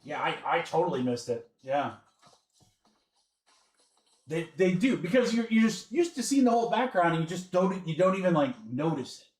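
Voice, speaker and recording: A chatty man with a fairly high voice runs a live card break, rattling off names and teams in a casual patter. His voice bounces around an echoey room, with faint music playing underneath. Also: sing-song, moderate pace. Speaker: sports card break host. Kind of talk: casual livestream chat. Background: faint background music.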